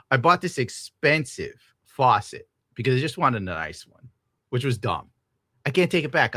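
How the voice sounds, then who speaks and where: Profane ranting young man, bright and dry. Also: mid-range voice, a little slow, no echo. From United States. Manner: profane, animated, ranting, laughs often. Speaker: streamer reading donations. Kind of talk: casual rant to chat.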